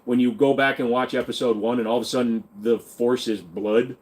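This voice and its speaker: A man's voice: medium pitch, fairly even intonation, brisk, a little mellow. A man hosting a casual livestream who reads viewer comments aloud and answers them in a blunt, irreverent way. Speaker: livestream host reading chat.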